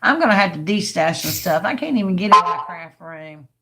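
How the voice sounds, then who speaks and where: An older woman, hoarse and raspy as she loses her voice, chatting casually to her viewers by name while she shows her craft projects on a livestream. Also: on the low side, animated, fairly quick, background noise.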